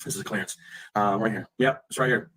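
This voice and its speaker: A man's voice: on the low side, fairly even intonation, quick pace, fairly bright tone, low-quality recording. A man streaming live, ranting heatedly in profane language and often repeating himself.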